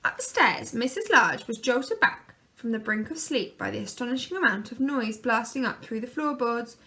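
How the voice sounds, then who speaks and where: A woman reading a children's picture book aloud, gently and expressively. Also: on the high side, lively intonation, normal speed. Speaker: storyteller.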